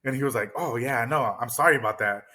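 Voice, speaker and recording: A man co-hosting a casual movie discussion, talking in an excited, rambling way and swearing freely. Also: medium pitch, fast. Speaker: podcast co-host.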